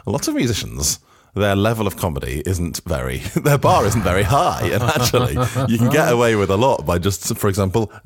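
Deep-voiced chatty English man. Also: sing-song, brisk, few pauses, breathy edge. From England. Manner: chatty, self-deprecating, wry. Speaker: radio host. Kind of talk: casual chat.

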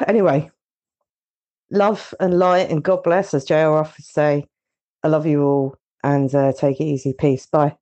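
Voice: medium pitch, little pitch movement, normal speed, mellow, lo-fi sound. A listener leaving a recorded message for a podcast, nervous, sweary and rambling. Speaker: listener calling in.

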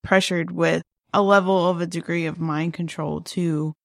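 A gravelly, creaky voice of middle pitch talks in a laid-back, relaxed way. This co-host is chatting on a casual podcast, recorded dry and close to the mic. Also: moderate pace, dry recording. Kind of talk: casual conspiracy podcast chat.

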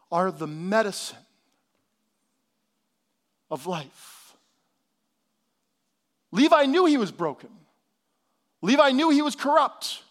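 A pastor preaching a sermon, swinging from hushed, low lines to loud, emphatic ones. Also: male voice. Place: church hall.

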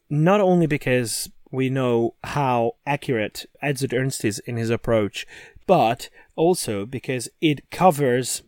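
A man's voice: fairly high pitch, darkish tone, no room sound, studio quality. A man co-hosting a casual podcast chat, talking eagerly and often repeating words as he starts sentences. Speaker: podcast co-host.

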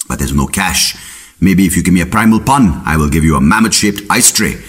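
A man's voice: extremely low pitch, fairly quick, breathy edge. A man hosting a podcast, rambling through a comedic monologue full of puns and tangents. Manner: rambling, punning, jumps into silly voices. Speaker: podcast host.

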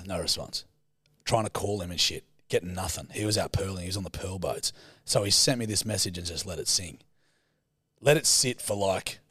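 A man's voice: low-pitched, fairly bright tone, husky, no room sound, clean studio sound. A man co-hosting a podcast, telling a yarn in casual, swearing banter. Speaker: podcast co-host. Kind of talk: casual chat.

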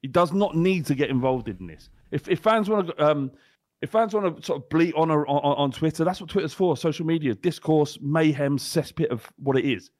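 A man's voice: on the high side, moderate pace, a little mellow, no echo, studio quality. A man co-hosting a football podcast, ranting bluntly and heatedly with plenty of swearing. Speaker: podcast co-host. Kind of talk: casual chat.

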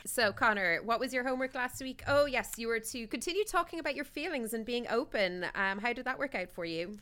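Lady cohost riffing cheeky advice, kinda high and super bright. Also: animated, a little fast, clean tone. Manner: bawdy, playful, bursts into silly sing-along. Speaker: podcast co-host. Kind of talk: casual comedic advice chat.

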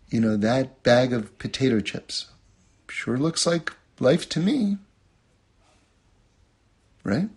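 A man teaching a religious lesson, telling a personal story and acting out quotes in a much higher voice, often checking in with "okay?". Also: slightly rough. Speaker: Torah teacher.

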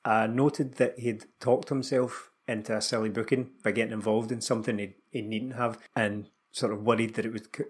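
Husky Scottish man, dry and wry. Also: fairly low pitch. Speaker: podcast co-host. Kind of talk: casual football podcast chat.

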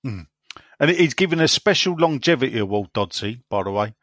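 A man's voice: medium pitch, animated, a little fast, fairly bright tone, dry recording, clean studio sound. Teasing man reading out listener emails. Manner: jokey, teasing, reads listener emails aloud. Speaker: podcast host. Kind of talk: casual football podcast chat.

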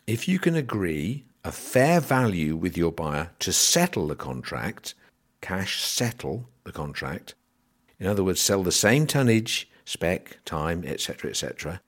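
Male podcast host, very low voice, dry sardonic explainer. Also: breathy edge. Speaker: podcast host on grain marketing.

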